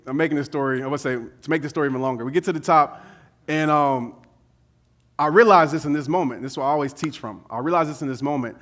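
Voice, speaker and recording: High-voiced animated man telling a story. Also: fast talker. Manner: animated storyteller, casual slang, laughs at himself. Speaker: motivational speaker. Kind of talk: motivational speech with personal storytelling.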